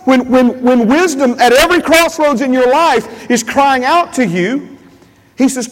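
Pastor guy preaching, real high voice, long echo like a big church hall. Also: a little slow. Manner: preaching with repeated phrases and questions to the congregation. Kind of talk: sermon.

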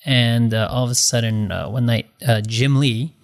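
A man telling a story in casual chat, rambling and excitable, full of fillers and restarts. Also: medium pitch, normal speed, gravelly.

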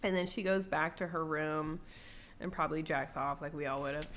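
A woman's voice: low voice, normal speed, fairly bright tone. A woman co-hosting a casual podcast chat, recapping a book with swearing and acted-out voices, a bit tipsy from wine. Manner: giggly, swears freely, acts out scenes with exaggerated voices.

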